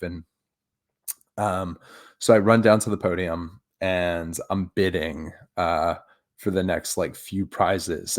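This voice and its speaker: A man in his thirties from Baltimore, telling his story casually and excitedly as he reacts to an old clip. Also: deep voice. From Baltimore, USA. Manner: excitable storyteller, jumps into loud re-enacted exclamations. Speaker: video host.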